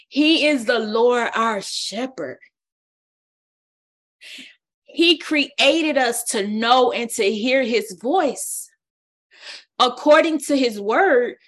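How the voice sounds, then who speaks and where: A woman leading a Bible study, preaching with a lively exhorting style and colloquial speech. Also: a little high. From United States. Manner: exhorting, call-and-response, colloquial.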